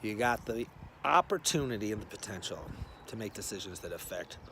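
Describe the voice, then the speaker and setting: A man's voice: fairly low pitch, lively intonation, a little fast, fairly bright tone, slight background noise. A man vlogging in a casual, rambling monologue on a ride-along, playful and sometimes dropping to near-whispers.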